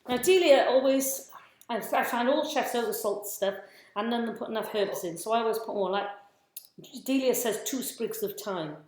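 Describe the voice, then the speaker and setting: A woman with a slightly high, darkish voice hosts a casual cooking livestream from her home kitchen, speaking at a normal speed with heavy reverb. Chatty and scattered, she greets viewers mid-task as she cooks.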